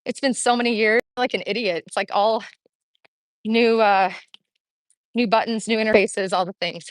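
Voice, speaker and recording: A woman's voice: a little high, steady tone, normal speed, no echo, low-quality recording. A middle-aged woman livestreaming from her phone as she walks a town street outdoors, chatty and upbeat and out of breath. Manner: chatty, upbeat, talks while walking. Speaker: vlogger streaming live. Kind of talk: casual walking livestream chat. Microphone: phone held while walking.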